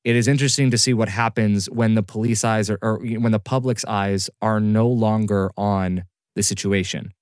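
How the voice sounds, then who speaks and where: A man's voice: on the low side, fairly even intonation, normal speed, few pauses, dry recording, clean studio sound. A man co-hosting a casual podcast discussion, explaining hesitantly with many restarts. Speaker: podcast co-host.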